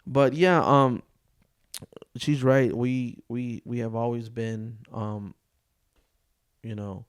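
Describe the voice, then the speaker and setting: A young man co-hosts a casual podcast, joking, swearing freely and telling stories with animation. He takes it slowly, with a medium-pitched voice that is clear and resonant.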